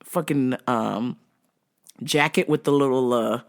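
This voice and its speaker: A woman's voice: a bass voice, slow pace. A woman hosting a casual podcast, telling a story with lots of swearing and laughter. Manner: profane, animated storytelling, laughs often, drops to a whisper for calm quotes. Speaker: podcast host.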